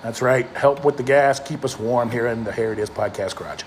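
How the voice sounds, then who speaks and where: A man's voice: medium pitch, fairly quick, slight background noise. Jokey man plugging a podcast. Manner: jokey, laughs often. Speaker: podcast host. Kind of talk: casual chat. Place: garage.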